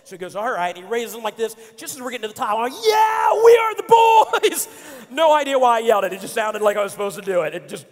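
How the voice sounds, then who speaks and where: A man's voice: sits high, rapid-fire. A man in his forties giving a playful storytelling sermon as a pastor, acting out his friends' lines. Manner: animated, playful, acts out friends' lines with shouts and laughs. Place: church auditorium. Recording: church hall reverb.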